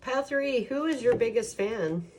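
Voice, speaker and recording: A woman's voice: a little high, lively intonation, normal speed, noisy background. A woman giving a casual tarot reading, talking in a rambling, chatty way full of ums and likes. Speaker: tarot reader.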